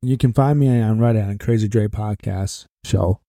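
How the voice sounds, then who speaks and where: Male podcast host with a dark, mellow voice and a dry close mic, rambling sports talk and a bit out of breath. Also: lowish voice, normal speed, dry recording. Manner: rambling, repeats phrases for emphasis. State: short of breath. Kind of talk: casual sports commentary monologue.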